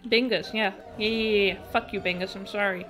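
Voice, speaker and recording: A woman's voice: mid-range voice, steady tone, fairly quick, a bit bright, faint music behind. A woman streamer chatting casually while gaming, cursing and exclaiming at the game and reading chat. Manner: swears a lot, exclaims at the game.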